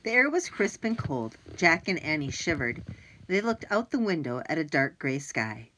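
A woman narrating a children's chapter book with expressive, animated delivery. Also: low voice, normal speed, slight background noise, rough recording. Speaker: audiobook narrator. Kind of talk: children's story reading.

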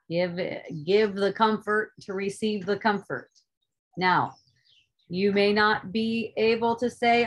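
A woman giving an earnest spiritual teaching in an online group talk, stressing points loudly and then dropping to soft asides, with casual swearing. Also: medium pitch.

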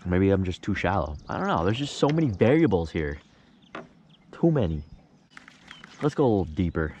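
A young man vlogging from a kayak on a lake, talking casually and getting frustrated or excited over his catches. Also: low-pitched, moderate pace, long pauses, a little hiss or hum. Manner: frustrated, excitable, swears mildly, says "bro". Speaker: fishing vlogger. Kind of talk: casual on-the-water vlog.

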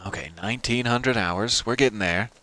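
A man's voice: mid-range voice, normal speed, sharp tone. A man giving casual let's-play commentary, rambling with self-deprecating asides. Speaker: gameplay commentator.

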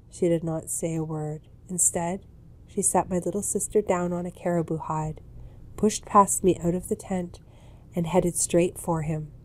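A woman author reading a chapter of her book aloud in a measured, calm first-person narration. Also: on the low side. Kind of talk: storybook reading.

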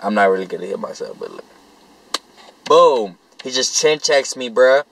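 A man's voice: on the low side, lively intonation, fast talker, creaky, a little hiss or hum, poor audio. A young man vlogging, telling a rambling story to camera in profane street slang.

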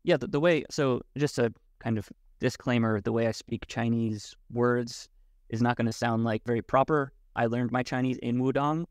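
Man, podcast guest, halting thoughtful speech, medium pitch, dry close recording. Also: steady tone, no echo. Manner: thoughtful, halting, many restarts. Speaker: podcast guest, Wudang martial arts teacher. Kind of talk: casual conversation.

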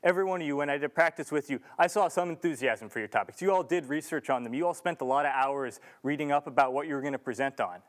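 A man's voice: a little high, fast talker, hardly any pauses. A young man giving an earnest, casual talk to an audience in a large lecture room, with restarts and filler ums. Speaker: student speaker.

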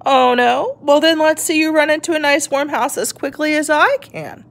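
A woman's voice: high-pitched, normal speed, gravelly, a bit bright, voice pushed up. Woman doing a smug meowing cat. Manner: meowing, sneering. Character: smug sly female cat.

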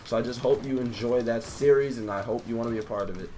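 A young man, a gaming YouTuber, giving slangy, hyped live commentary over his own match, with loud outbursts at the action. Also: medium pitch, fast talker, slight background noise.

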